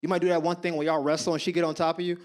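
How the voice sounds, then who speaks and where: A thirties-aged man performs stand-up with a fairly high voice at a racing clip. He tells stories, speaks conversationally right to the audience, and animatedly acts out the voices of the people in them.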